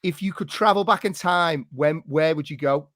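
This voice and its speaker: Sweary higher-voiced English lad hosting. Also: male voice, normal speed, fairly bright tone, no echo, studio quality. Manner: sweary, laughing, teasing banter. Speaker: podcast host. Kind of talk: casual chat.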